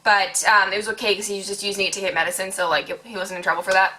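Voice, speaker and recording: A young woman from Quebec in her twenties telling a storytime vlog, animated and chatty, swearing freely and acting out what people said. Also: mid-range voice, very fast. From Quebec, Canada. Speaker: vlogger. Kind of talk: casual storytime.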